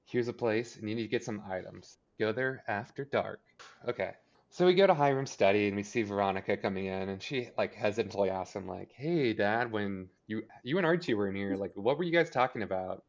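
Male podcast co-host, lowish voice, loose rambling recap full of "like", muffled lo-fi sound. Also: lively intonation, a little fast. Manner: rambling, filler-heavy, acts out character lines. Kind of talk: casual TV episode recap chat.

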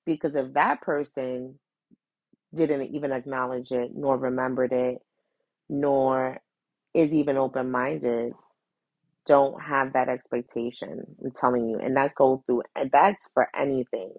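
A woman's voice: extremely low pitch, steady tone, unhurried, darkish tone, no echo, dull audio. A woman hosting a podcast, talking earnestly and directly to her listeners in a casual, heartfelt monologue full of restarts and repeated phrases. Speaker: podcast host.

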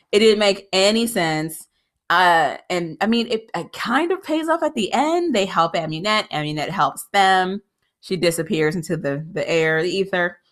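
A woman giving casual, opinionated commentary as a TV recap host, frank and animated, often jumping up in pitch when exasperated. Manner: frank and critical, with filler "like" and restarts.

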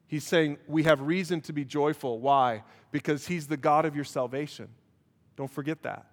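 A male pastor preaching a sermon while emotional, swinging between loud emphatic passages and hushed prayer. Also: fairly high pitch, moderate pace. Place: church. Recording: long church hall reverb.

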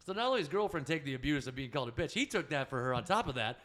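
A man's voice: medium pitch, very animated, rapid-fire, fairly bright tone. A man telling stories as a podcast guest in casual chat, rambling, profane and correcting himself as he goes.

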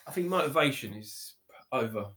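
A man tells his story as a podcast guest. He rambles warmly, leaning on "you know" and "literally", and restarts his sentences often. The room around him gives his voice a noticeable echo. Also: mid-range voice, expressive, moderate pace. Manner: chatty, repeats himself, many fillers like "you know" and "literally". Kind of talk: casual conversational storytelling. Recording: roomy echo.

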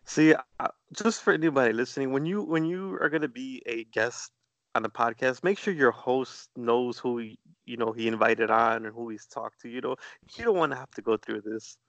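A man's voice: mid-range voice, moderate pace, a bit bright, dry recording, dull audio. A man from Chicago, a guest on a podcast, chatting casually with jokes and lots of restarts. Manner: joking, repeats and restarts words.

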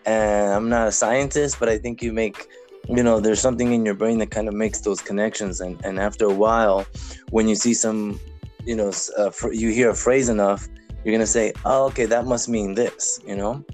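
A Cuban American man with a fairly low voice tells loose, rambling stories as a podcast guest. He piles on "you know"s, restarts his sentences and chuckles often. Soft music plays faintly behind him. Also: little pitch movement, a little fast. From United States, Cuban American. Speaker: podcast guest, language learner. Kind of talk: casual conversational storytelling.

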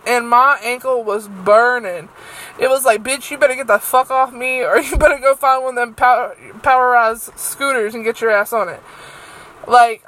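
Bright-voiced young woman ranting. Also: sits high, rough recording. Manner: rambling, profane, lots of fillers. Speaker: podcast host. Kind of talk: solo podcast rant.

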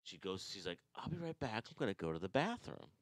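A man from New York co-hosting a podcast, telling profane, animated stories with bursts of laughter. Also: lowish voice, fast, no room sound. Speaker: podcast co-host. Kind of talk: crude casual storytelling.

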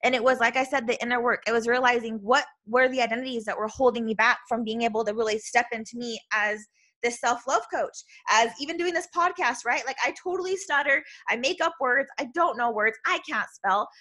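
A woman hosting a motivational podcast as a self-love coach, talking loud and bubbly and earnest, often adding "right?" to her points. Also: on the high side, a little fast. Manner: earnest, with many "right?" tags.

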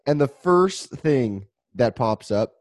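A man's voice: medium pitch, expressive, slow, a little mellow, dry recording, studio quality. A man co-hosting a casual podcast chat, playful and teasing, laughing often. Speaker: podcast co-host.

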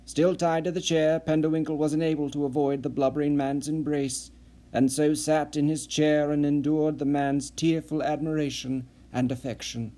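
A man reading an unabridged audiobook novel, narrating in a measured, even way. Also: on the high side. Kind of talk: scripted narration.

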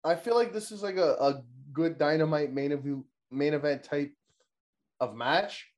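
A man's voice: on the high side, measured pace, a little mellow. A young man co-hosting a casual wrestling recap chat, rambling and swearing, laughing often and mimicking wrestlers. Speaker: podcast co-host.

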